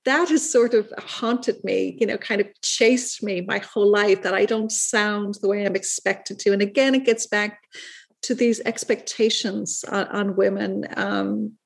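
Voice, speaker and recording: A middle-aged woman from Ireland with a soft Irish accent drifting toward American, speaking in a thoughtful, halting way as an author being interviewed. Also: medium pitch, steady tone, creaky. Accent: soft Irish, shifting toward American. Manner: thoughtful, halting, many restarts and fillers. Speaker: author guest. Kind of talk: reflective interview talk.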